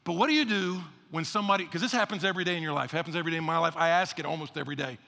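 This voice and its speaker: A male pastor preaching a casual, energetic sermon, repeating phrases for emphasis. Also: fairly high pitch, rapid-fire, vocal fry. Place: church sanctuary. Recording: long reverb of a large church hall.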